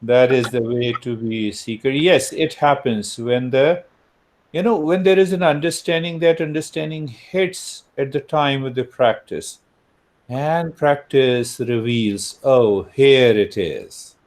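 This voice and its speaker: A man leading a guided meditation, chanting and giving calm, measured instructions, then checking in with his students over a video call. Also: mid-range voice. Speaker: meditation teacher.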